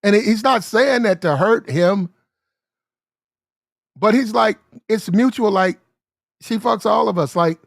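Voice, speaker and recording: Male storyteller with a high voice and a dry, close sound; casual and animated, acts out the people in his story. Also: takes it slowly, pauses often, dry recording. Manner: animated, acts out the characters in the story, clears throat often.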